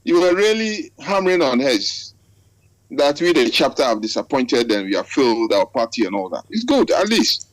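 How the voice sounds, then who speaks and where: A man's voice: mid-range voice, sing-song, normal speed, no echo, low-quality recording. A man with a Ghanaian English accent talking heatedly on a video call, repeating himself and calling the other man by name. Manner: impassioned, repetitive, keeps addressing the other man. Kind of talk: online video call discussion.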